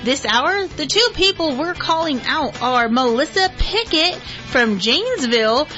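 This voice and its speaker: Bubbly high-voiced woman radio host. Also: expressive, measured pace, bright, forceful tone, muffled recording, soft background music. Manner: giggly, bubbly and chatty. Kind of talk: casual radio banter and weather read. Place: radio studio.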